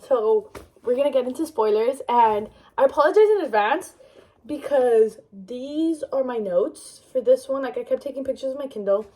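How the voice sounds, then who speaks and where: High-voiced gushing young woman. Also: a little mellow, poor audio. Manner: gushing, rambling, many fillers and restarts. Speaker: book vlogger. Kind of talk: casual book review chat.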